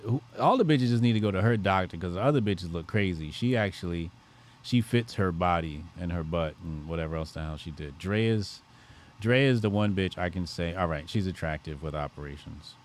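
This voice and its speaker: A man's voice: sits low, animated, moderate pace, slight background noise. A man hosting a livestream, joking crudely and reacting to his chat. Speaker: livestream host.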